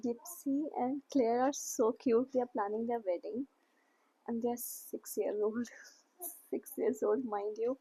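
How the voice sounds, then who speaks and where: Young woman, book vlogger, husky and higher-pitched, gushing, rambling chat. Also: steady tone, measured pace, dark tone, rough recording. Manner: gushing, chatty, rambling with fillers. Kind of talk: casual chat.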